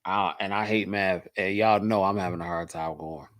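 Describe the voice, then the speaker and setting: Laid-back low-voiced man chatting on a stream. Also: steady tone, normal speed, a bit bright, dry recording. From Michigan. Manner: laid-back, repeats points for emphasis. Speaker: host. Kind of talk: casual livestream chat answering viewers.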